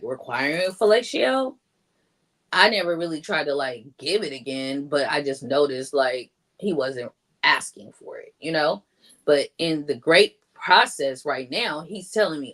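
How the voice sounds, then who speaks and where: This guest's deep, fairly bright female voice has lively intonation and a slightly slow pace. She chats through a personal story, saying "like" a lot and raising her voice to act out others' remarks.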